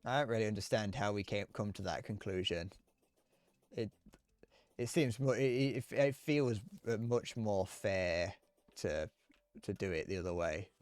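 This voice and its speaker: A man's voice: on the low side, measured pace, darkish tone, dry recording. A man chatting casually while streaming a game, rambling, swearing, and stammering through restarts. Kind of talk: casual live-stream chat while gaming.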